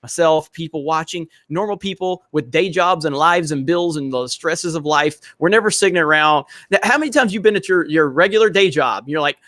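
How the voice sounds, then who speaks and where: A man's voice: fairly high pitch, brisk, few pauses, a bit bright, no room sound. Emphatic man ranting on a podcast. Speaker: podcast host. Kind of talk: casual opinion chat.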